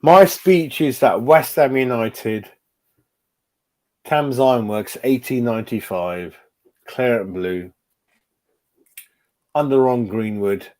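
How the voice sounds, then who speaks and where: A man's voice: mid-range voice, slow pace, pauses often. A man, hosting his own fan channel and reacting live to his chat, swearing a lot. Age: 40s. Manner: sweary, animated, talking to chat.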